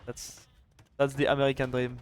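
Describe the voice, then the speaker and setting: A man casting a live strategy game match, chatty and excitable, with quick restarts. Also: medium pitch. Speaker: esports caster and streamer. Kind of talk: live video game commentary.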